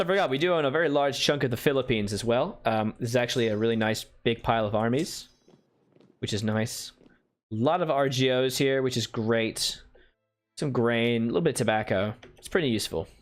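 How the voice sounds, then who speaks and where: A man talks through a strategy game on a live stream in a relaxed, chatty way, explaining his plans and bantering with his chat. His voice sits at an ordinary middle pitch, and soft music plays quietly behind him. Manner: chatty, answers viewer chat, playful asides. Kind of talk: casual gameplay commentary.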